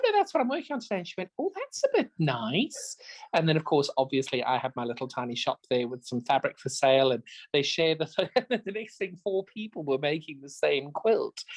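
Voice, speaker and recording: A man in casual podcast chat, playful and full of anecdotes, co-hosting a show about quilting retreats. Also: fairly high pitch. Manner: chatty, playful, tells anecdotes.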